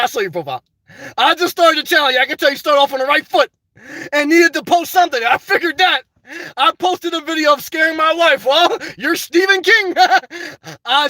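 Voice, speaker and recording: A man's voice: extremely high pitch, pushed and bright, no room sound. An older man hosting a casual live stream, reading viewer comments aloud and answering them by name in a blunt, unfiltered way, swearing freely.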